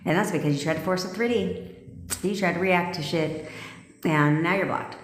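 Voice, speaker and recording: A woman's voice: on the low side, normal speed, a little hiss or hum. A woman manifestation coach on a live stream, talking in a brash, profane, commanding way and reading out viewers' comments as she goes. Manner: reads live comments aloud. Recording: echoey room with long reverb.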